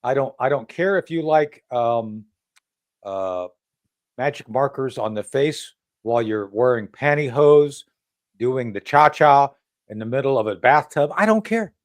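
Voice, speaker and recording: A man with a New Jersey accent hosting a casual talk show, rambling and halting with many fillers. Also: mid-range voice, lively intonation. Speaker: show host. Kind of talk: casual chat.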